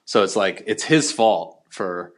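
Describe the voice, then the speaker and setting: A man's voice: lowish voice, animated, slow pace. A young man in his twenties co-hosting a podcast, chatting casually in slang with lots of fillers and restarts. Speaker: podcast co-host. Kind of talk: casual chat.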